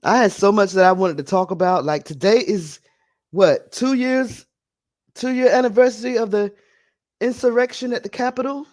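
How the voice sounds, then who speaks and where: High-voiced man hosting a casual live stream. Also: normal speed, a little mellow. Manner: scattered and chatty, talking to viewers while fixing audio. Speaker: live stream podcast host.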